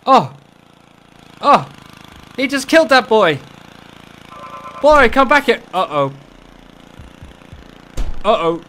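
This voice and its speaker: A man's voice: extremely high pitch, big pitch swings, takes it slowly, pauses often, bright, forceful tone, slight background noise. A man hosting his own gaming channel, giving playful, exclamatory commentary while he plays and talking to the game. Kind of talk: casual gameplay commentary.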